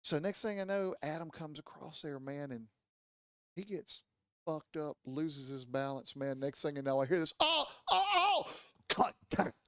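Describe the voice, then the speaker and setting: A man tells a rowdy trail story in a fairly high voice, swearing freely and acting out his friends' yelps and lines. The sound is close and dry, with no room around it. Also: moderate pace, no room sound. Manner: animated, profane, acts out voices and sounds. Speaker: podcast storyteller. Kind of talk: casual storytelling. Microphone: studio mic.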